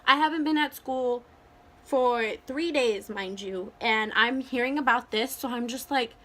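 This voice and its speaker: A young woman in her vlog, chatting through a personal story with lively energy. Her voice sits a little high and sounds bright and sharp, peppered with "like" and quick acted-out bits of dialogue. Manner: animated, full of "like" and acted-out quotes. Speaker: vlogger. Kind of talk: casual storytime chat.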